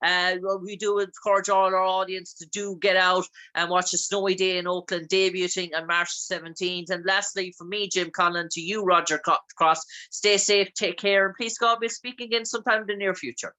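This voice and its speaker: A man's voice: high-pitched, level tone, normal speed, few pauses, sharp tone. A man with an Irish accent hosting a casual interview, asking long, rambling questions full of fillers. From Ireland. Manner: rambling, filler-heavy phrasing.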